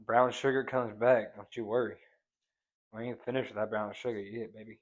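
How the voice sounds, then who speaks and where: A man's voice: fairly low pitch, fairly even intonation, normal speed, lo-fi sound. A man casually showing how he seasons ribs, playful and slangy, crooning pet names at the food and the viewer. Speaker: cooking vlogger. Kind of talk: casual cooking demonstration.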